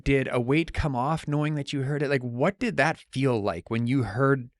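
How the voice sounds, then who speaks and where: Male podcast host, mid-pitched, calm and measured, dry close-mic sound. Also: no room sound. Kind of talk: podcast interview and sponsor reads.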